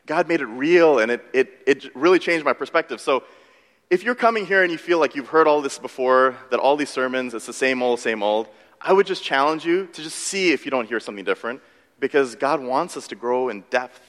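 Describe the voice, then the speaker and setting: Animated male pastor in a reverberant hall. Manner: animated, self-deprecating storytelling with quick shifts in pitch. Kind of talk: sermon.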